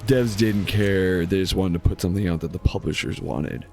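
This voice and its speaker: A man's voice: deep voice, normal speed, gravelly, mellow. A man streaming a game live, chatting casually with a sarcastic, rambling manner and frequent restarts. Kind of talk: casual gaming stream chat. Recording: game music underneath.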